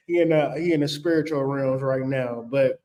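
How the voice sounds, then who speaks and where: A man's voice: mid-range voice, darkish tone. A man giving blunt, profane, joking spiritual relationship advice in a casual talk. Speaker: spiritual vlogger.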